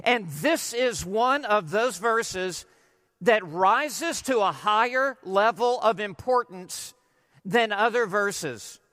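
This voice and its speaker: A man preaching an expository sermon, emphatic and deliberate, asking rhetorical questions and stressing key words. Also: high voice, lively intonation, pushed and bright, big-room sound. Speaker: pastor.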